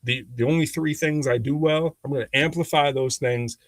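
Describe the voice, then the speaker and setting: A man co-hosting a podcast, telling stories in a casual, animated way, often acting out what other people said and laughing as he goes. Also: fairly high pitch, moderate pace, dry recording. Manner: animated, acts out quoted voices, laughs often. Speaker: podcast co-host. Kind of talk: casual conversational storytelling.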